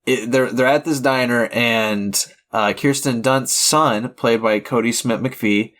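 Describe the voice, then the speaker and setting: A podcast co-host talks movies casually, rambling along with lots of fillers and restarts. His voice is medium in pitch and fairly bright, with fairly even intonation and a slow pace.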